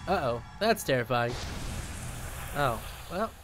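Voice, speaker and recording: A young man streaming a video game, talking casually with excitable outbursts, rambling asides and a lot of swearing. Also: mid-range voice, takes it slowly, soft background music. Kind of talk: casual gaming commentary.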